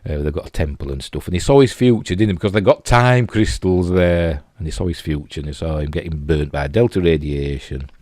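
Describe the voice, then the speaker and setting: Yorkshire man, very low voice, dry close sound, chatty rambling reviewer. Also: brisk, hardly any pauses, a little mellow, no echo. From Yorkshire, England. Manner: rambling, lots of "you know" and restarts. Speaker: TV episode reviewer. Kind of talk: casual spoken review.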